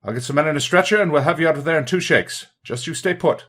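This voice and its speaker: A man playing a gruff, hearty British soldier who calls out from a distance. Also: a little high, fast talker, fairly bright tone. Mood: reassuring. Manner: bellowing from a distance. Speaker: actor in a script reading.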